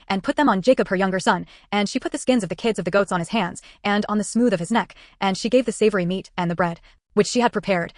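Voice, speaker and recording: A woman reads scripture aloud at a brisk clip, in a steady, even cadence. Her voice sits mid-range and sounds close and dry, with no room around it. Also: medium pitch, no room sound. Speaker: Bible reader. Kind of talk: scripted Bible narration.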